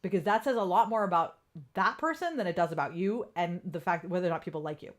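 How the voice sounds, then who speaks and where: Candid, animated woman coach talking casually. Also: on the low side, fast. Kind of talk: casual live-stream talk.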